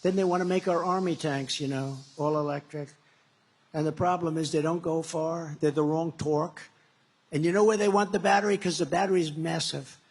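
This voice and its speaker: A man's voice: on the high side, fairly even intonation, moderate pace, breathy edge. A man speaking as a political candidate in a campaign rally speech, rambling and repetitive with emphatic stresses.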